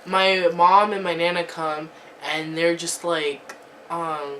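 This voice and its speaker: A woman's voice: lowish voice, level tone, slow, a bit bright, recorded from a distance, a little hiss or hum. A teenage girl telling a storytime vlog, chatty, filling her talk with "like" and "um". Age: teens. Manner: chatty, lots of "like" and "um", laughing asides. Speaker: vlogger.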